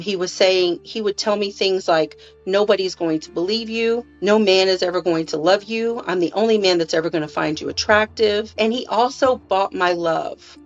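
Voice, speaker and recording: A woman speaking as an interview guest, telling her personal story in a halting way with restarts and repeated words. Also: lowish voice, muffled recording.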